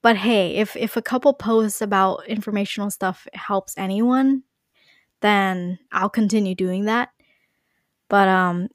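A woman's voice: mid-range voice, no room sound, clean studio sound. A young woman chatting casually on a podcast, with a lot of "like" and "you know". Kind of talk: casual chat.

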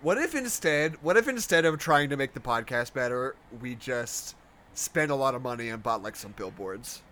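A young man co-hosting a casual movie commentary podcast, rambling and wry, thinking out loud as he searches online. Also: medium pitch, expressive, moderate pace. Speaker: podcast co-host.

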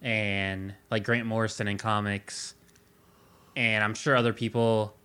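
A man's voice: lowish voice, little pitch movement, measured pace, pushed and bright, smooth. A man co-hosting a casual music podcast, explaining ideas about art with lots of "like". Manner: analytical, heavy use of "like". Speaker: podcast co-host.

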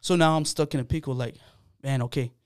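A man with a smooth, clear voice speaks as a podcast guest, telling a personal story in an earnest, loose way with plenty of fillers. The sound is dry and close, with almost no room echo. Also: on the high side, quick pace. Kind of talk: casual podcast chat.

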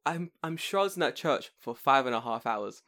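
A young British man telling a story in casual chat, swearing freely and acting out other people's voices. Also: fairly quick. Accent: British English. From Britain. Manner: animated, swearing, acts out voices with big pitch jumps.

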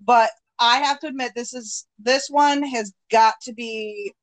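A woman hosting a podcast in casual chat, talking in a relaxed, drawn-out way. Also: fairly high pitch, low-quality recording. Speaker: podcast host.

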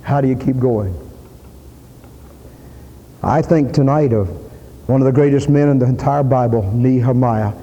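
A man preaching a sermon in a church, emphatic, repeating his points and rising to loud peaks. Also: mid-range voice, moderate pace, pauses often, highs cut off. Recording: long reverb of a hall.

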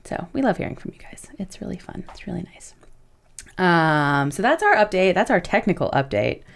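A woman's voice: fairly low pitch, sing-song, normal speed, vocal fry. A young woman co-hosting a podcast, chatting casually, swearing freely and laughing often. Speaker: podcast co-host.

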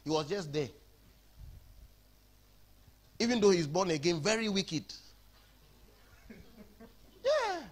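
A man with a Ghanaian accent preaching an animated sermon in a church, switching between English and Twi. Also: sits high, a little slow.

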